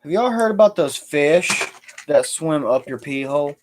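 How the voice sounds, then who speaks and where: A man hosting a livestream from his backyard, joking loudly with his viewers. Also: on the high side, expressive, normal speed, background noise. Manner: loud, joking, calls out to his audience. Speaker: livestream host. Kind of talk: casual livestream chat. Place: outdoors in a backyard.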